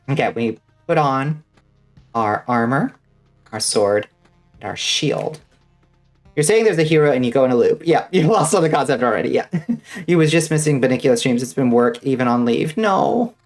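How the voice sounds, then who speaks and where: Over soft background music, a vtuber with an extremely low, darkish voice talks at normal speed and pauses often. She's playing a game on stream, chatting loosely with viewers through many fillers and the odd curse.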